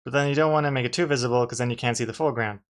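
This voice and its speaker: A man's voice: mid-range voice, racing. A man, a comic artist, chatting casually to his live-stream viewers while drawing, rambling and restarting his sentences with dry jokes.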